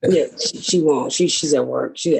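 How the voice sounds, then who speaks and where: A woman's voice: low voice, normal speed, gravelly, a little mellow, slight background noise. A middle-aged woman hosting a podcast, telling stories in a blunt, profane, casual way. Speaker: podcast host. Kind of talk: casual chat.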